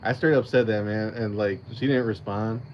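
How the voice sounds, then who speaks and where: A man's voice: lowish voice, steady tone, moderate pace, highs cut off, slight background noise. A man hosting his own channel, chatting casually and rambling through a story with lots of swearing, restarts and laughter. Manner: rambling, profane, laughs often. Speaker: channel host. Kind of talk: casual livestream chat.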